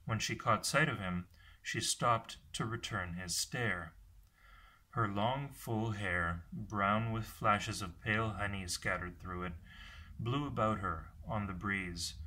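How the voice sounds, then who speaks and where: A man reading a fantasy novel aloud, unrehearsed, in steady narration with occasional slips. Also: on the low side, slow. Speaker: audiobook reader.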